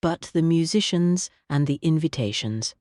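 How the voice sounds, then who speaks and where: A woman's voice: low voice, animated, normal speed, darkish tone, no room sound, studio quality. A woman voicing a fretful elderly lady in an audiobook. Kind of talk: audiobook character voice.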